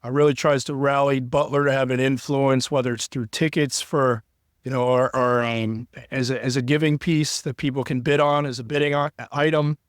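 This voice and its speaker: A man's voice: mid-range voice, level tone, normal speed, clear, resonant tone, no echo. A man from Cincinnati, a guest in an interview, talking in an earnest, heartfelt and long-winded way, close to tears. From Cincinnati, United States. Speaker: interview guest, sports broadcaster. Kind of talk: candid conversational interview.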